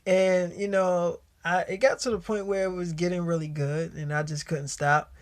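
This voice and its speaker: A man's voice: sits high, flat delivery, moderate pace. A man telling a personal story in a casual, slangy way, full of profanity and quoted back-and-forth dialogue.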